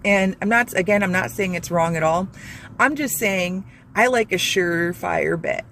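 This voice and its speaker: A woman's voice: lowish voice, moderate pace, fairly bright tone, slight background noise. A woman hosting a Christian channel, giving an earnest, rambling devotional talk full of fillers and restarts. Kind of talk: informal devotional talk to camera.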